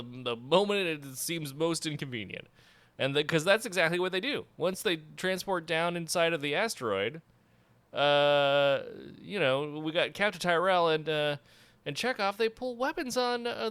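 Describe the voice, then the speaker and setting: A man co-hosts a relaxed movie chat, rambling through fillers and breaking into laughter. His voice is smooth and clear. It is recorded dry, with no room sound. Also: on the high side, moderate pace, no room sound. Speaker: podcast co-host. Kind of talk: casual movie discussion.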